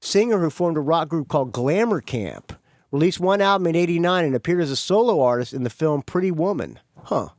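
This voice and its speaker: A man's voice: a little high, lively intonation, brisk, darkish tone, no echo, studio quality. A middle-aged man hosting a podcast, talking casually and rambling, often correcting himself as he goes. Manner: rambling, self-correcting, offhand. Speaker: podcast host.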